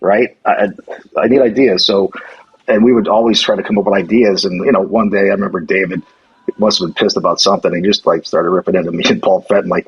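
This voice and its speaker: A middle-aged man chats casually, acting out the people in his stories and restarting his sentences often. His voice is low and strongly husky. The recording sounds dull and lo-fi. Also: a little fast. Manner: animated storyteller acting out quoted lines, many restarts. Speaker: former hockey general manager, guest. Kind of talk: casual chat, storytelling.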